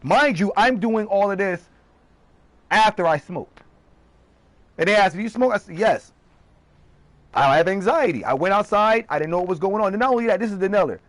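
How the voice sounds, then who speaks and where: A man streaming live, ranting heatedly and profanely in quick bursts. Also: high-pitched, animated, no room sound.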